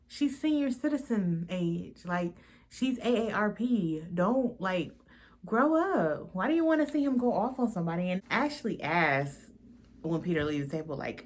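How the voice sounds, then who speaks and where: A young woman hosting a casual reality TV recap, blunt and slangy, swearing freely and mimicking the cast. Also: on the low side.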